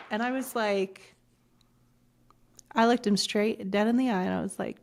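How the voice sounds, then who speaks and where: A woman's voice: mid-range voice, moderate pace, gravelly, long pauses, a little hiss or hum. A middle-aged woman telling a personal story as a podcast guest, bluntly and with swearing, acting out the lines of others. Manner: blunt and animated, swears freely, acts out quoted dialogue. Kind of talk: candid storytelling in conversation.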